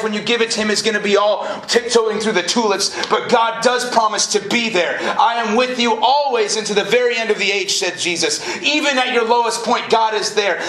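A man preaching a lively, casual sermon to a college group, joking and then rising to emphatic peaks. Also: high-pitched. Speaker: pastor. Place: college event hall. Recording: live room echo, faint noise.

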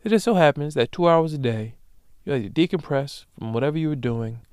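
A young man hosting a solo comedic podcast, ranting emphatically with profanity and loud animated bursts. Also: fairly high pitch, brisk, clean tone, no echo, clean studio sound. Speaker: podcast host.

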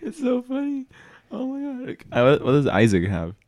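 A young man hosting a podcast in casual chat, laughing often and talking in an animated way. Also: fairly high pitch, moderate pace. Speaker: podcast host.

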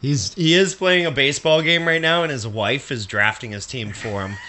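A man's voice: medium pitch, moderate pace, crowd noise. A man with a nasal voice, co-hosting a casual podcast chat during a fantasy draft and joking and teasing as he goes. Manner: teasing, jokey. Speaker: podcast co-host.

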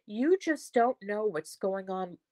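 Older woman guest, chatty stories that restart a lot, middle pitch, dry sound. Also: lively intonation, slow pace, a little mellow, no echo. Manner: rambling, with frequent restarts. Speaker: podcast guest. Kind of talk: conversational storytelling.

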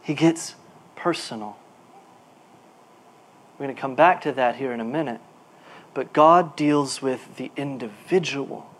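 A male pastor preaching a sermon. His delivery is animated, moving from quiet asides to emphatic bursts, and he repeats words while he looks for a phrase. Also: on the high side.

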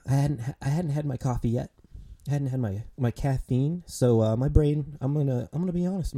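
Very dark-voiced ranting young man. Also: medium pitch. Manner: profane, exasperated, lots of fillers. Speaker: grocery cashier. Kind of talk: casual ranting monologue.

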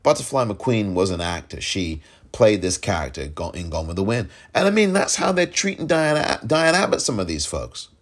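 Male podcast host, low voice, lively emphatic delivery, exasperated commentary. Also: moderate pace, hardly any pauses. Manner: emphatic, exasperated, repeats points for stress. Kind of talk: solo political commentary.

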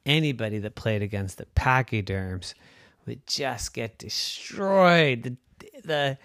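A storyteller making up a children's story as they go, slow and wandering, with pauses and restarts. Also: medium pitch, lively intonation, no echo, clean studio sound.

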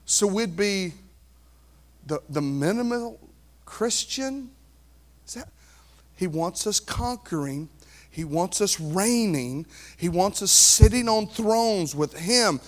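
A man preaching a sermon in an animated way, swinging from quiet asides to near shouting. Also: high-pitched, slow pace, pauses often. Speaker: pastor.

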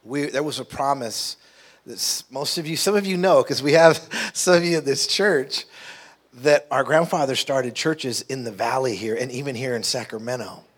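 A man's voice: mid-range voice, moderate pace, husky. A man preaching from the pulpit of a church. He exhorts the congregation and keeps asking for an amen. He reads scripture aloud in between. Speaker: guest preacher, pastor's brother. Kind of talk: sermon. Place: church sanctuary.

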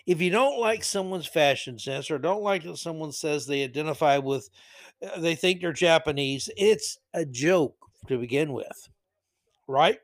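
A man's voice: fairly high pitch, dry recording. A man hosting a solo opinion podcast, ranting bluntly and sarcastically and throwing in corny jokes. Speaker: podcast host.

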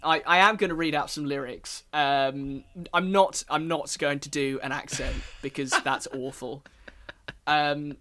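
A young man, co-hosting a podcast in casual chat, halting with many ums and restarts and a wry tone. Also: a little high, fairly even intonation, pushed and bright. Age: young adult. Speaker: podcast co-host.

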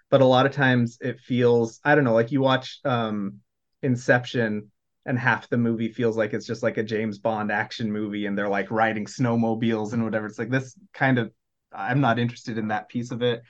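A man's voice: medium pitch, steady tone, moderate pace. A man chatting casually as a podcast panelist, rambling with lots of "like" and "um". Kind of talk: casual chat. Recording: dull lo-fi recording.

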